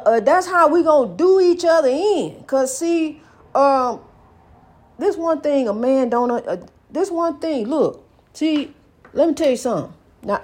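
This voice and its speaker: A middle-aged woman holds forth in a preachy, emphatic monologue. Her voice sits fairly high and has a husky, breathy texture. She keeps calling the listener honey. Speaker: speaker giving life advice. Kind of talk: inspirational monologue.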